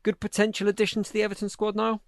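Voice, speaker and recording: Relaxed male host with a gravelly voice, dry close recording, reading transfer news. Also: high-pitched, rapid-fire, no room sound. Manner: laid-back, reads out transfer news. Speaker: podcast host. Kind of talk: casual football chat.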